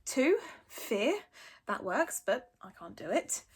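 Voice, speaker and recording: A woman's voice: on the high side, big pitch swings, slow, breathy edge, heavily acted. A woman reading as an anxious young Viking boy. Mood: reasoning. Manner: pleading, reasoning.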